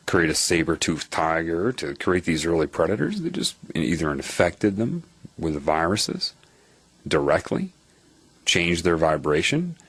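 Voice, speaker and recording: Deep, husky man talking with lively pitch. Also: dry recording. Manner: animated storytelling with repeated phrases. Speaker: spiritual speaker. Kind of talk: lecture-style monologue.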